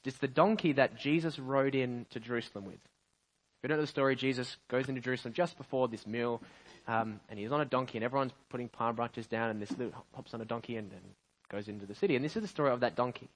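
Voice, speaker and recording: An earnest male pastor preaches with emphatic conviction, often restarting his phrases as he works up to a point. His voice sits at an ordinary middle pitch for a man. He moves from storytelling into prayer in a steady, heartfelt sermon. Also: low-quality recording.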